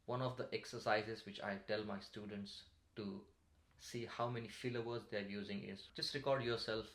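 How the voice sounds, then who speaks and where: A man coaching English speaking skills in a calm, measured tutorial to camera. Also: on the low side. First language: Marathi. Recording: roomy echo.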